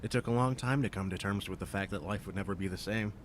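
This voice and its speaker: An actor voicing a blunt, matter-of-fact former firefighter in a video game. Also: male voice, fairly low pitch, fast talker, slight background noise, lightly acted. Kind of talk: game voice acting.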